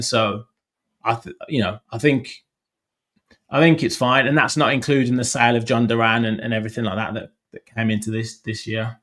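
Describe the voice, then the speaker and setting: A man's voice: mid-range voice, fairly bright tone. A man in casual football chat, hedging and restarting as he works through numbers. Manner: restarts often, hedging asides.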